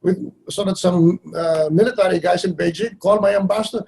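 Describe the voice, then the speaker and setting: A man from the Philippines answers interview questions bluntly and wryly, now and then acting out what others said. His voice is husky and mellow, a little high for a man. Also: fairly even intonation, a little fast, low-quality recording. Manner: blunt, wry, acts out others' lines with shifts in voice. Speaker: foreign minister, guest.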